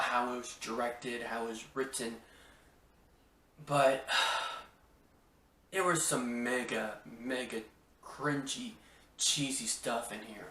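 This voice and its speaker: A man's voice: mid-range voice, pushed and bright. A man from Washington State hosting a podcast, chatting casually about movies in a rambling, exclamatory way that stumbles over restarts. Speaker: podcast host. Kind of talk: casual movie review chat. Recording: roomy echo, mic at a distance.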